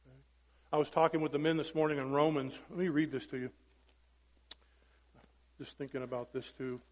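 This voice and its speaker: A man preaching with a notably high voice, driving home each point with "right?" and "okay?" and dropping from loud emphasis to near-hush. The sound is dull and lo-fi, and his words ring out with the long reverb of a large hall. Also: fairly even intonation, fairly quick. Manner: emphatic, constant rhetorical questions, swings from loud to hushed. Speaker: pastor. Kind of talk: sermon.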